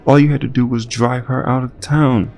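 A man's voice: medium pitch, fairly even intonation, moderate pace, darkish tone, lightly acted. A man reading a smug, condescending male crime boss who gives cold orders with a sadistic edge. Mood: menacing. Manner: sadistic chuckling, cold commands.

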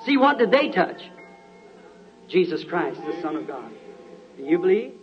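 A man's voice: high-pitched, very animated, measured pace, over music. Earnest preacher man on dull old tape. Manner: earnest, calls out to people in the crowd. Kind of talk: healing-service sermon.

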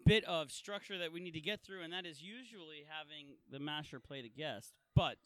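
A man with a high, smooth voice hosts a relaxed gaming chat. He talks in a loose, rambling way and laughs often. The sound is close and dry, with very little room in it. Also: a little fast, no echo. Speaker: host. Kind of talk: casual chat.

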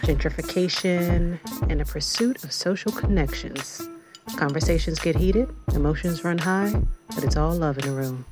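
Female announcer, low voice, scripted intro over guitar music. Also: normal speed. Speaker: show announcer.

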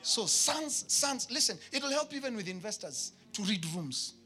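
A man with a Kenyan accent preaching a sermon to his church, emphatic, with shouted peaks and comic asides. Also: sits high, sing-song, measured pace, faint music behind. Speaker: pastor.

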